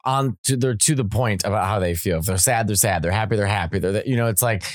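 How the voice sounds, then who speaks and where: A man with a low voice talks on a comedy podcast in a playful, teasing way. The sound is close and dry, with no room around it. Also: fast, no echo. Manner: playful, drops into mock French and Italian voices. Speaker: guest comedian. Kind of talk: casual podcast chat.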